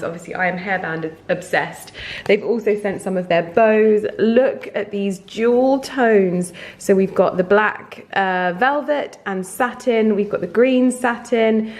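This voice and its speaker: A woman talks to her camera in a relaxed, rambling way. Her chat is heartfelt and personal, full of little asides, as in a casual lifestyle vlog. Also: medium pitch. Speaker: lifestyle vlogger.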